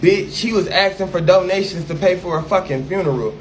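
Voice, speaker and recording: A man's voice: sits high, fairly quick, slight background noise. A man ranting brashly on a livestream, profane and sassy as he fires back at a critic.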